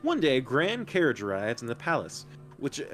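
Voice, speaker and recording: A man reading out game prompts in casual tabletop chat, animated and quick to laugh. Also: mid-range voice, over music.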